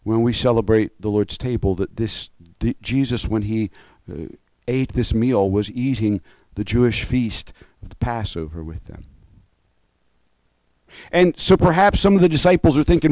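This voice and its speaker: A male pastor preaching in a relaxed, conversational way. He is earnest and openly moved, and he often stops himself to restart or add an aside. His voice sits at a medium pitch and is recorded close and dry. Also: normal speed, dry recording. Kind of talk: conversational sermon.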